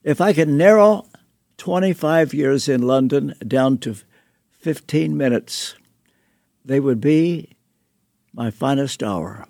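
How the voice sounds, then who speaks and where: An older man, a pastor and author, telling a personal story slowly and deliberately in an interview, with soft chuckles. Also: mid-range voice, vocal fry, no room sound, clean studio sound.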